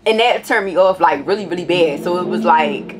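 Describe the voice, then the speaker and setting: A woman vlogger telling a casual story in a blunt, profane, animated way. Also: lowish voice, fairly quick.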